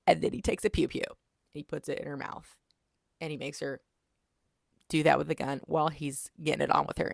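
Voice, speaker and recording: Gravelly-voiced woman gushing over a book. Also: low voice, dry recording, clean studio sound. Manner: animated retelling with quick character voices. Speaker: book reviewer. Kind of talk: casual book review monologue.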